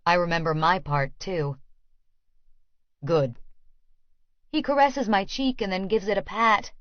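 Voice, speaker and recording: A woman reads an audiobook in the first person with slow, measured, hushed delivery. Her voice sits a little low. The sound is dry and slightly dull, like a lo-fi home recording. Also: lively intonation, dry recording. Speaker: audiobook narrator.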